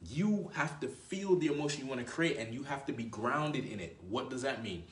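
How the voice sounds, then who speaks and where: A man's voice: medium pitch, animated, normal speed, fairly bright tone, distant mic. A man talking as a dating coach in a casual advice monologue, conversational and slangy, often tagging his points with "right?". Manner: conversational, frequent "right?" tag questions; slangy, addresses viewer as bro. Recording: roomy, voice away from mic.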